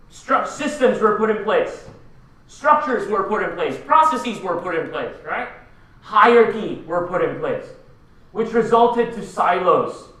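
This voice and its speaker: High, bright-voiced man in an echoey hall. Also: far from the mic. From Philippines. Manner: punchy, rhetorical, asks the audience questions. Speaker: keynote speaker. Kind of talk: energetic conference keynote. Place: large conference hall.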